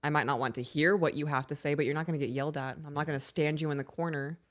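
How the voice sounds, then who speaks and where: A woman in her thirties co-hosting a casual podcast, reading aloud and telling animated stories about her kids. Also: sits low, very fast. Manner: animated storyteller, acts out her own raised voice. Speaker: podcast co-host.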